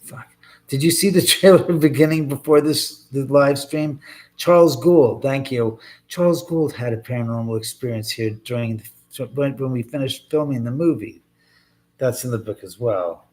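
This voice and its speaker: A man's voice: mid-range voice, normal speed, a little mellow. A man hosting a casual livestream from his home, rambling and sarcastic, swearing freely and answering viewer comments as they come in. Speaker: livestream host.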